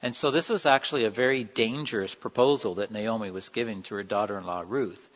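A man with a fairly low pitch speaks briskly, preaching an earnest, conversational sermon. He gives the quoted lines feeling as he acts them out. The recording sounds dull in a reverberant hall.

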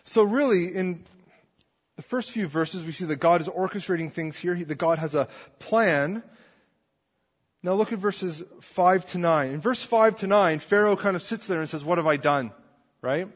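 A man's voice: sits high, moderate pace. A man preaching a sermon in a conversational way, often checking in with his listeners. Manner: conversational, asks the congregation "right?" often. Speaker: pastor. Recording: dull sound with long hall reverb.

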